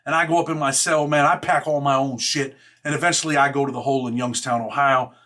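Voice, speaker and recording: A man casually telling a personal story in rough street slang, blunt and profane, filling every pause with "man" and "right?". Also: mid-range voice, fairly even intonation, fairly bright tone.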